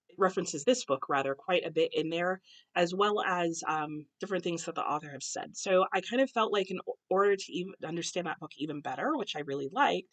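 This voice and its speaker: American girl booktuber rambling about her reading list, kinda low voice, lots of ums. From United States. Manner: chatty, many ums and self-corrections. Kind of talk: casual book chat to camera. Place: home, husband cooking nearby.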